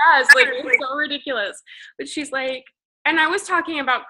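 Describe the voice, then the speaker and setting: Bright-voiced woman, tearful pep talk. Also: high-pitched, normal speed, poor audio. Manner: tearful, shaky, gushing. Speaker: team leader on a group video call. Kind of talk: emotional motivational pep talk. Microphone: video call.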